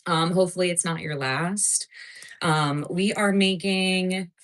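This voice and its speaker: A New Jersey woman with the accent to match hosts a live cooking stream, chatting and rambling with lots of filler words. Her voice is on the low side and a little slow, and the audio is poor.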